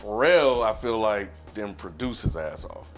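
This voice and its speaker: A man's voice: on the low side, lively intonation, measured pace, soft background music. A man co-hosting a podcast, talking directly and laying out his points one by one. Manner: direct, lays out points in lists. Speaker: podcast co-host. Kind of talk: casual chat.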